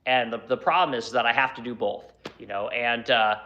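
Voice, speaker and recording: A middle-aged furniture maker from the United States answering viewer questions in a rambling, blunt way, swearing and filling pauses with "you know.". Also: male voice, mid-range voice, fairly even intonation, bright, forceful tone, lo-fi sound, slight background noise. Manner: rambling, profane, lots of fillers like "you know". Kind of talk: casual Q&A talk.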